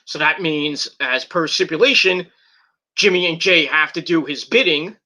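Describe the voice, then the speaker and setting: Bright, rambling man recapping wrestling. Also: a little high, moderate pace. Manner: rambling, profane, with many fillers and restarts. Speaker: wrestling reviewer. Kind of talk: casual recap and commentary.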